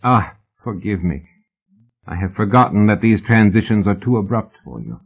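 A man's voice: on the low side, expressive, normal speed, husky. Man doing a cold, formal rich old collector. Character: wealthy old male collector, cold and precise. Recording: tinny phone-like sound.

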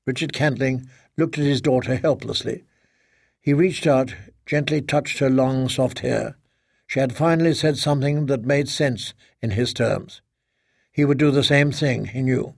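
A man reads a novel aloud in a steady, measured narration. His voice has a gravelly grain at a middle pitch. The recording is dry and close to the mic. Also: no echo. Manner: measured, even storytelling. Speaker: audiobook narrator. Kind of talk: scripted narration.

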